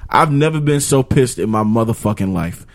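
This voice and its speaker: A man's voice: mid-range voice, expressive, moderate pace. Laid-back man co-hosting a podcast. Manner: laid-back, slangy, laughs often. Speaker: podcast co-host. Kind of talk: casual chat, reading a listener letter.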